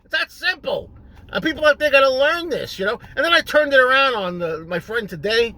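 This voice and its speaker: A middle-aged man hosting a solo rant video, exasperated and repetitive, building up to shouting. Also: very high voice, animated, fairly quick.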